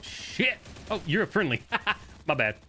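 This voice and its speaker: A young man streaming a shooter game, talking fast and loose as he plays, swearing, laughing and answering chat. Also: on the high side, animated, bright, forceful tone, slight background noise. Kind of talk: live gameplay commentary.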